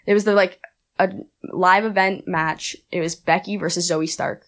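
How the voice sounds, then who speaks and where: A young woman talks as a guest on an interview show. She tells her story in a fast, rambling, chatty way, with lots of "like" and bursts of laughter. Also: fairly low pitch, steady tone, a bit bright. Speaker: aspiring wrestler guest. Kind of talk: casual interview chat.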